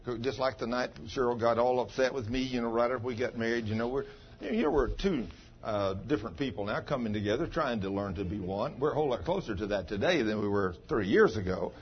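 A man preaches in a rambling, folksy style and jokes with members of his congregation. His voice sits at an ordinary pitch. The recording is dull, with faint background noise. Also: expressive, fast. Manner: chatty, teasing the congregation by name. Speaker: pastor. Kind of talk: folksy sermon.

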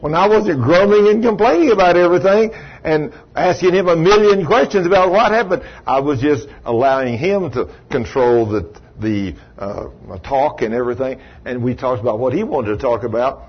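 A man preaching a sermon in an animated storytelling way, acting out the voices he quotes, on a dull lo-fi recording. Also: fairly high pitch, moderate pace, husky.

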